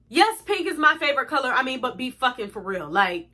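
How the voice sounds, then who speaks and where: Bright-voiced young woman telling a story. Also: high voice, brisk. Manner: animated, exasperated, swearing freely. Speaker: vlogger. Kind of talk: storytime vlog.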